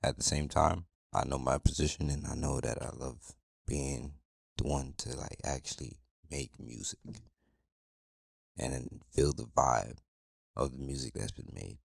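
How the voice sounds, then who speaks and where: A man chatting as a podcast guest in a relaxed, playful, slangy way. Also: extremely low pitch, a little slow, gravelly, breathy edge, no room sound, clean studio sound. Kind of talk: casual podcast chat.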